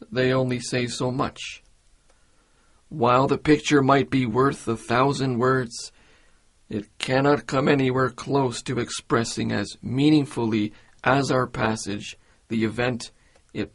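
A man giving a devotional meditation in a measured, earnest way. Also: medium pitch. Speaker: preacher.

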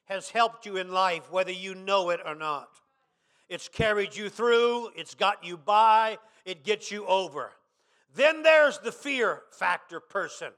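A man pastor preaching a sermon, dropping quiet, then rising to shouted emphasis. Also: extremely high pitch.

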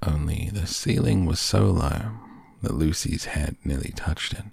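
A man narrating a children's storybook in a slow, gentle reading. His voice is very deep, gravelly and husky, and it sits dry and close to the mic. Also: dry recording.

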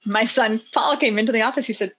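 A woman's voice: fairly high pitch, fast talker, husky. A middle-aged woman, a guest on a podcast, talking in a casual, emphatic and enthusiastic way. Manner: enthusiastic, emphatic, animated when acting out stories. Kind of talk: casual interview chat.

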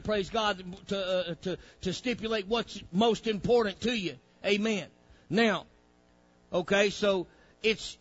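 A man's voice: high-pitched, bright, forceful tone, muffled recording. A male preacher, delivering a fiery sermon with folksy grammar, directing a reader and acting out pleading voices.

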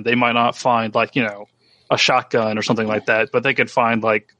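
A man who runs tabletop games, explaining how he works at the table. He talks hesitantly, with many fillers and restarts. His voice sits in a middle pitch, and the recording is dry. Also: sharp tone, dry recording. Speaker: game master. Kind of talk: casual tabletop gaming discussion.

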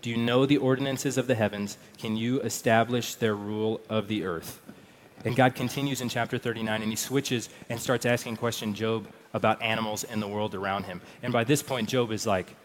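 A pastor delivers a sermon in a relaxed, conversational way, often repeating words as he goes. His voice sits on the low side, and he slips into reading scripture aloud. A faint hum of background noise runs underneath. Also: brisk.

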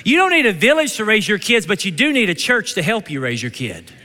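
A man with a Kentucky twang preaches with high-pitched, bright energy. He cracks jokes and keeps calling for amens. His voice rings out with a long church-hall reverb. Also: brisk. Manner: energetic, joking, calls out for amens. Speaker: pastor. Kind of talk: sermon.

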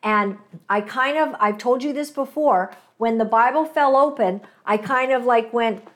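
A woman host from Canada talks in a casual, meandering way, full of fillers and asides. Her voice sits a bit high for a woman. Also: unhurried, few pauses. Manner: chatty, storytelling, many fillers and asides. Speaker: talk show host. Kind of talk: casual faith-based commentary.

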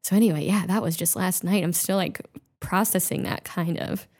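A woman's voice: fairly low pitch, normal speed, darkish tone, slightly rough. A woman comedian guest in casual chat, who swears freely and laughs as she tells an emotional story.

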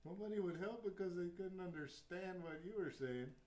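A man's voice: high-pitched, normal speed, warm tone, roomy sound. Sarcastic man riffing on a film. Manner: sarcastic, mocking. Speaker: movie riffer. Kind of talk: joking commentary over a film.

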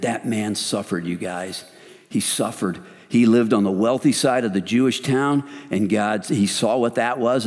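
A middle-aged man leading a men's ministry, preaching in an earnest, conversational way with animated retellings. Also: lowish voice. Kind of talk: sermon. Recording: long hall reverb.

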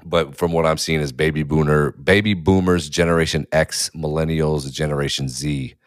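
Very deep-voiced man, blunt and profane. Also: fairly even intonation, moderate pace, dry recording, clean studio sound. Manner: blunt, profane, laughs easily. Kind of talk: casual chat.

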